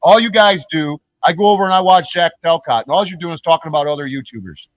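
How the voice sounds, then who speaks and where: A man's voice: fairly high pitch, quick pace, no room sound, low-quality recording. A man ranting on his own channel, profane and taunting, mocking the people he calls out. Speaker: YouTuber. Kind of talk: angry ranting vlog.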